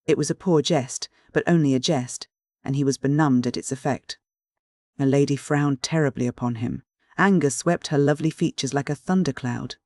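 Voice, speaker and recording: Steady male audiobook narrator, dry sound. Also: medium pitch, normal speed, no room sound. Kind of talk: scripted literary narration.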